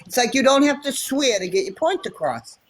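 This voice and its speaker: A woman's voice: sits high, very animated, fairly quick, breathy edge. Middle-aged American woman, chatty storyteller with blunt opinions, phone livestream guest. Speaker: guest caller. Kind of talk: casual livestream chat.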